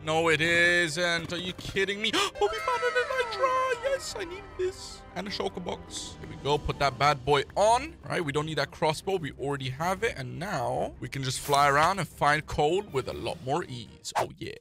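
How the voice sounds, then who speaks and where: Hyped high-pitched young man gaming. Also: huge pitch swings, moderate pace, vocal fry, hardly any pauses, music in the background. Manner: hyped, yelling complaints at the game. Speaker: gaming YouTuber. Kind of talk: excited gameplay commentary.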